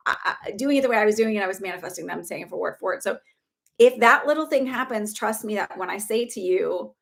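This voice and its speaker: A woman's voice: medium pitch, lively intonation, fast, creaky, fairly bright tone. A young woman giving live psychic readings in a chatty, reassuring way, full of filler words. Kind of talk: casual livestream reading.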